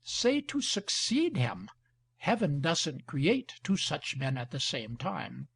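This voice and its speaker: A dry, skeptical baroness with a sharp tongue, voiced by a man reading her part. Her voice is husky and gravelly, and it moves slowly. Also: a little high, huge pitch swings, full character voice. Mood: earnest.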